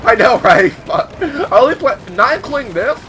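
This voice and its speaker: A young man giving casual, excitable commentary while playing a shooter game, swearing often and yelping when hit. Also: very high-pitched, normal speed. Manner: excitable, swears a lot, yelps at hits. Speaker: gaming YouTuber. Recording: game noise under the voice.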